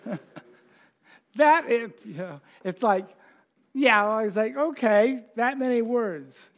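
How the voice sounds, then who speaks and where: Male preacher, high voice, casual sermon delivery, chuckles, asks questions of the congregation. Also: lively intonation, slow pace.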